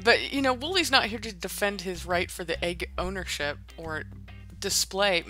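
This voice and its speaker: A woman's voice: mid-range voice, moderate pace, sharp tone, faint music behind. A woman chatting casually while playing a building game, musing aloud with hesitant asides and giggles. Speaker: Minecraft let's-play host. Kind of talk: casual gameplay chat.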